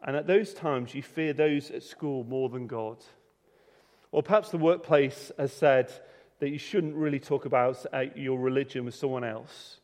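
A man's voice: mid-range voice, moderate pace, a little mellow. A man preaching a sermon in a conversational way, often restarting and repeating words. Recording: reverberant hall.

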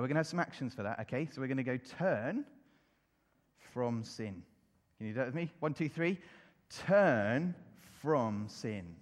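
Animated preacher, high voice. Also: male voice. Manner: animated, call-and-response with congregation. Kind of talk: children's sermon. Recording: long hall reverb.

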